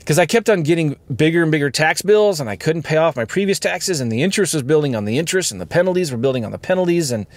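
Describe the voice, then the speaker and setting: A man's voice: fairly high pitch, lively intonation, quick pace, few pauses, no room sound. Man confessing on his podcast from a car. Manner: earnest, rambling and confessional, with frequent fillers. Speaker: podcast host. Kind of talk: candid podcast monologue. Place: inside a car.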